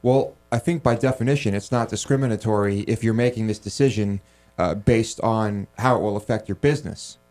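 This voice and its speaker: A man's voice: fairly low pitch, brisk, a little mellow. A man co-hosting a talk radio show who teases the host and jokes around between opinions. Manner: joking, teasing. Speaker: co-host and producer. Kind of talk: casual radio show banter.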